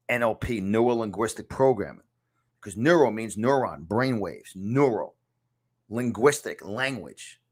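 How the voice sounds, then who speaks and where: Speaking at a medium pitch from a home studio, a fifty-something man with a New York accent hosts a podcast as a success coach. His motivational talk is punchy and emphatic, with a preacher's habit of repeating the key lines.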